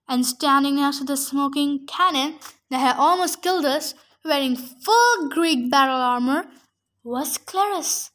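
High-voiced woman reading a story aloud. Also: fairly bright tone. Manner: eager, slightly halting with restarts. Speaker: podcast host reading a novel aloud.

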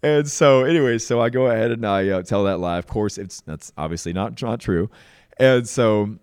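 A man's voice: lowish voice, normal speed, a little mellow, smooth, no room sound, studio quality. A man casually telling a personal story as a podcast host, laid-back and self-mocking, often saying "dude". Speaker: podcast host sharing his testimony.

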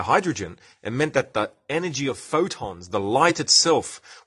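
This is a man with an Australian accent whose voice is on the low side and a bit bright. He hosts a laid-back science podcast, explaining enthusiastically and engaging with live commenters.

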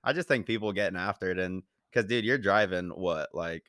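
Chill podcast host guy, low bright voice, dry close mic. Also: brisk, no room sound. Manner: laid-back, frequent short laughs and agreement. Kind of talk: casual chat.

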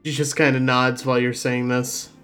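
A man narrating a tabletop game as game master in a relaxed, plain way. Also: medium pitch, moderate pace, smooth, faint music behind.

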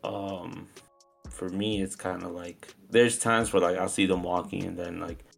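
A man's voice: low-pitched, steady tone, measured pace, creaky, faint music behind. A man co-hosting a live podcast who talks in a rambling, hedging way, full of fillers. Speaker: podcast co-host. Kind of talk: casual chat. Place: live show venue.

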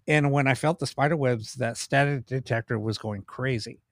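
A man's voice of medium pitch moves at a moderate pace in a studio-quality recording without echo. As a paranormal investigator and cameraman, he tells stories in a podcast interview in a casual, animated, rambling way, with many restarts.

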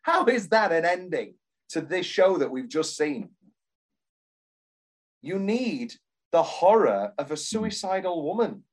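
British male podcast co-host, slightly high voice, passionate, swears freely, reads script bits in mock voices. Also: sing-song, slow pace, long pauses. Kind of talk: casual chat.

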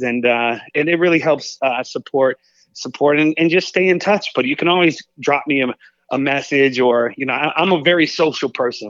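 A man's voice: medium pitch, a bit bright, no echo, highs cut off. A man, a comedian, chatting in a casual interview, rambling and jokey. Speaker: comedian guest.

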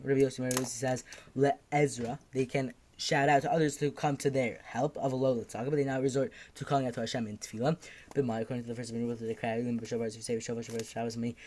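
A man's voice: medium pitch, little pitch movement, quick pace, a little mellow, a little hiss or hum. A man teaching a daf yomi Talmud class, reading each Aramaic phrase and then translating it, with fillers and self-corrections.

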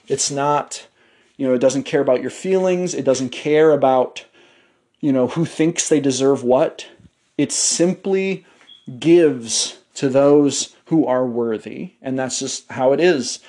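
A man's voice: mid-range voice, slow pace, warm tone. A man hosting a podcast, giving a blunt motivational monologue full of swearing, fillers and restarts. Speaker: podcast host.

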